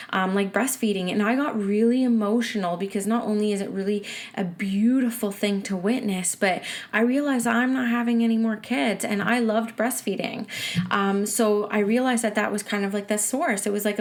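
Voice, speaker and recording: Woman in her 30s doing a spiritual podcast, chatty and earnest, lots of um and you know, mid pitch. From Canada. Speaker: podcast host and medium. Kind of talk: casual spiritual podcast monologue.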